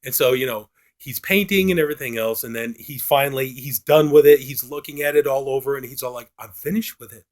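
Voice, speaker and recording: A man's voice: mid-range voice, fairly quick. A man reviewing a film, retelling its plot in a casual, rambling way full of filler phrases.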